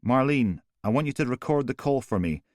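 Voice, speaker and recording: A man's voice: medium pitch, expressive, a little fast, a little mellow, no echo, studio quality, pitched above the performer's own voice, lightly acted. A man voicing a police emergency operator, firm, insistent and controlled.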